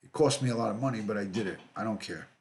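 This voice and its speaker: A middle-aged man hosts a casual livestream, reading comments aloud and greeting viewers by name. His voice sits a little low, and he talks in an easygoing way, often saying things twice. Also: fast. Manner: relaxed, repeats himself, greets viewers by name. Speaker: livestream host, retired detective.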